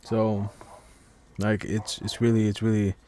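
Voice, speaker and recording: A man's voice: on the low side, level tone, unhurried, darkish tone, a little hiss or hum. A man hosting a casual live stream podcast from home, rambling with stammering restarts and heavy swearing. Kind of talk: casual late-night monologue. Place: at home while others sleep.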